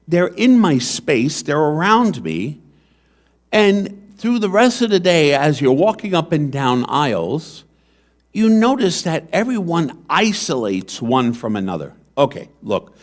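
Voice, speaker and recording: A man's voice: medium pitch, sing-song, unhurried. A man preaching in a church, first reading scripture aloud, then telling humorous, self-deprecating everyday stories.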